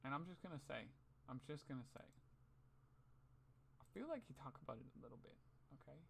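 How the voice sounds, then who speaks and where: A man's voice: medium pitch, sing-song, fairly quick, vocal fry, a little hiss or hum. A young man vlogging in a casual, rambling, profane monologue, often muttering to himself.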